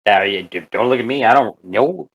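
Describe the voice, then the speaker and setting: A co-host on a casual tabletop gaming podcast, tossing in quick, joking interjections. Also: mid-range voice, animated, slightly rough, highs cut off. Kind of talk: casual chat.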